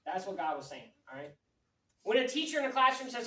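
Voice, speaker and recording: A woman youth pastor preaches in a lively, joking, conversational way to a room full of young people. Her voice echoes around the hall, and the mic is set some distance away. Faint noise sits underneath. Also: fairly high pitch, a little fast. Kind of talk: youth sermon.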